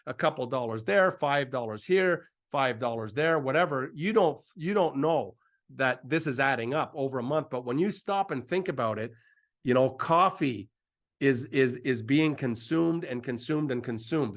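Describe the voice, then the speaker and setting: At a moderate pace, a middle-aged man running a live presentation delivers an excitable sales pitch that keeps repeating itself, getting himself more hyped as he goes.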